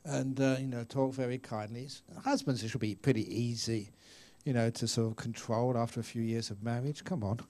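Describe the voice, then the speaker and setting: A man's voice: medium pitch, fairly even intonation, a little fast, hardly any pauses, warm tone. Man in his 60s, Buddhist teacher, chatty storyteller style. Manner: chatty storyteller, acts out voices, laughs often. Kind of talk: dharma talk answering questions. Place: meditation retreat hall.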